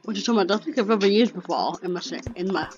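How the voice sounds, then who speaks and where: A woman's voice: mid-range voice, rapid-fire, a little mellow. Chatty woman gamer on a dull lo-fi mic. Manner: chatty, trails off mid-sentence while building. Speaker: gaming channel host. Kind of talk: casual gameplay commentary. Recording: dull lo-fi mic with faint music.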